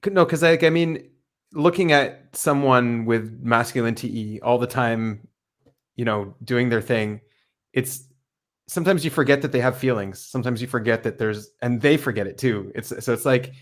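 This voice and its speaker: A man's voice: medium pitch, normal speed. A man hosting a casual interview, talking loosely with lots of fillers. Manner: relaxed, loose, many fillers like "like" and "right".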